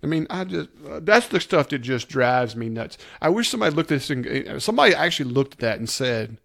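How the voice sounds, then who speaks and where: A man's voice: a little high, very animated, fast talker, creaky, fairly bright tone. A man co-hosting a podcast, breaking down a TV episode in casual chat, emphatic and explaining his points step by step. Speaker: podcast co-host.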